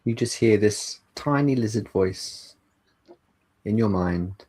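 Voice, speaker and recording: A man narrating a tabletop role-playing game as game master, describing scenes in an unhurried way. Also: on the low side, a little mellow.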